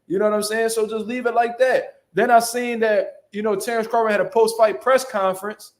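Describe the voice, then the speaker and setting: A man with a high voice talks briskly and flatly, hosting a casual boxing commentary channel. He speaks bluntly, packing his talk with heavy slang and profanity.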